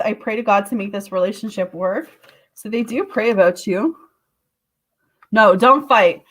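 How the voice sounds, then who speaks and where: Animated woman reading tarot live. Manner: expressive, with sudden high exclamations; chatty, talks straight to viewers. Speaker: tarot reader.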